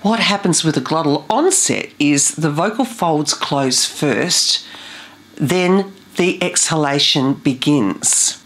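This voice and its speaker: A woman with a low, deep speaking voice teaches as a vocal coach. She explains things in a clear, methodical way, like a scripted lesson.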